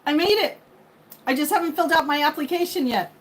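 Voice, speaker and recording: A woman's voice: high-pitched, fast talker, low-quality recording. A woman in her fifties hosting a casual livestream, chatting and thanking viewers by name. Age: 50s. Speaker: livestream host. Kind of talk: casual live chat with viewers. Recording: faint background noise.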